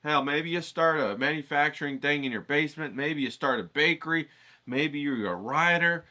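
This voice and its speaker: Brief: casual male vlog host, bright and forward tone, profane, chatty teaching style. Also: on the high side, moderate pace. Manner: rambling, profane, keeps checking in with "okay?". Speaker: writing challenge host. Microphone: filtered through a voice isolator.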